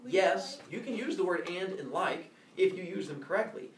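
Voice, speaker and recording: A male teacher explaining classroom rules in a playful, joking way, now and then shouting mock corrections. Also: high voice, lively intonation, moderate pace, echoey room, recorded from a distance. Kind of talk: classroom instructions. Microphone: phone recording from across the room.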